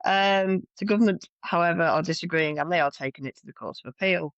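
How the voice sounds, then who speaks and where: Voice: mid-range voice, fast, a bit bright, no echo, highs cut off. A co-host from North West England on a political podcast, chatting casually with dry, sarcastic asides.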